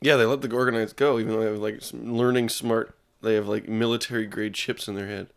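A man's voice: on the low side, little pitch movement, fast, creaky, smooth. A young man co-hosting a podcast, joking around casually and dropping into silly voices. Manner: jokey, bursts into silly voices. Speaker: podcast co-host. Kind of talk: casual chat.

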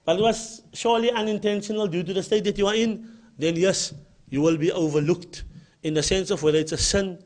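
A man with a Cape Town South African accent giving an emphatic religious lecture and often repeating his key points. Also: sits high. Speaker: Islamic lecturer.

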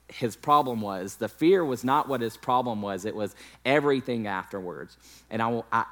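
Man preaching a candid personal story. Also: mid-range voice. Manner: candid, self-deprecating storytelling with acted quotes. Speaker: pastor. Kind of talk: sermon storytelling.

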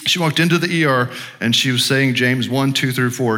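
A man's voice: medium pitch, normal speed, hardly any pauses, pushed and bright. A middle-aged man, a pastor, telling a personal story in a conversational, self-deprecating sermon with many restarts.

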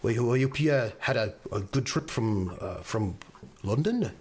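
A man's voice: lowish voice, animated, moderate pace, a little mellow, husky. A man voicing a flustered working-class bartender who stammers and fumbles over how to address a lord. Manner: stammering, deferential.

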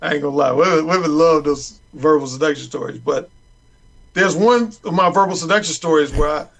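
Man, high voice, blunt, explicit, confident, casual chat. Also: brisk, creaky, low-quality recording. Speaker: dating advice author.

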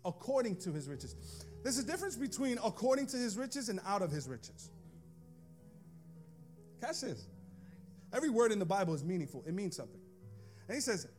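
A man preaches a sermon with a notably high voice, swinging from casual asides to the congregation into sing-song, shouted runs. Faint music plays underneath his voice in the church. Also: big pitch swings, brisk, long pauses. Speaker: pastor.

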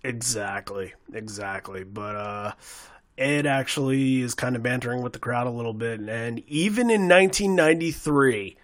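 A man hosting a podcast in casual, rambling chat, animated and joking. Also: mid-range voice, moderate pace. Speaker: podcast host.

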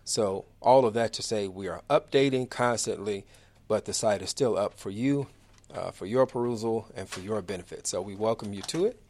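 A man's voice: on the low side, moderate pace, a little mellow. A man in his forties hosting a live radio talk show from a studio, chatty, friendly and upbeat as he runs through announcements.

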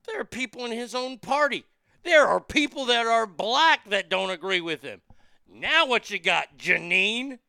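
Bright, gravelly man ranting angrily. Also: extremely high pitch, lively intonation, measured pace, dry recording. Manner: profane, heated, swearing often. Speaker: host. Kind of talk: angry commentary rant.

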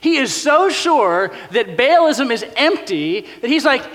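A man preaching a sermon in a casual, animated way, often acting out quotes in other voices. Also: very high-pitched, a little slow, few pauses, big-room sound. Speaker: pastor.

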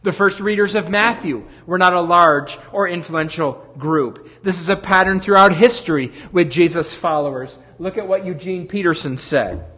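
High bright-voiced male preacher. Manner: emphatic, slows down to stress single words. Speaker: pastor. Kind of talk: sermon. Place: church.

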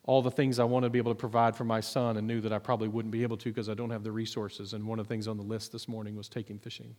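A man voicing a tearful single mother, quiet and soft, as he retells her words in an echoey hall. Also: fairly low pitch, little pitch movement, rapid-fire, pitched below the performer's own voice, natural voice.

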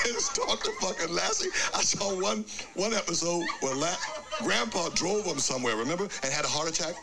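Brief: high, gravelly man with a wildly swinging delivery, comic storyteller, heavy background noise. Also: quick pace. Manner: animated, swearing, laughing through his story. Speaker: podcast co-host. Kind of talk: comedic storytelling.

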